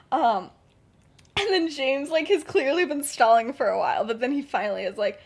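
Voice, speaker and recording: Chatty young woman, fairly high voice. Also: lively intonation, a little fast. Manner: rambling, filler-heavy, acts out characters with laughs. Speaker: podcast co-host. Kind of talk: casual storytelling chat.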